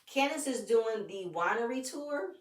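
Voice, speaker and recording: A woman recapping a reality show in casual commentary, animated and opinionated, often talking straight at the people she discusses. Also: a little high, unhurried, far from the mic. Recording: roomy echo, off-mic.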